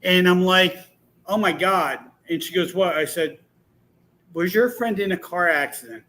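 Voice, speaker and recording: Talk show guest, man, animated storyteller, bright slightly high voice, rambling delivery. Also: moderate pace.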